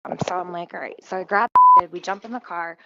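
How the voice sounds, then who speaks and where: A woman at home telling a casual storytime, profane, rambling and animated. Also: lowish voice, fast talker, lo-fi sound, noisy background. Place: at home near her kitchen stove.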